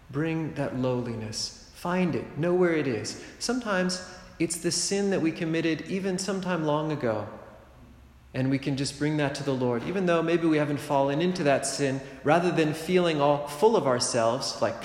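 A middle-aged man preaching a sermon in a conversational way, with joking asides and quick rhetorical checks on the congregation. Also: on the high side. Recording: roomy church reverb.

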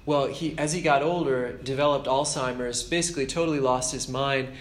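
A man's voice: medium pitch, fairly even intonation, brisk, a little hiss or hum. A man giving an informal, earnest spiritual talk as a preacher, conversational and self-deprecating. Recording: roomy echo with faint ambience.

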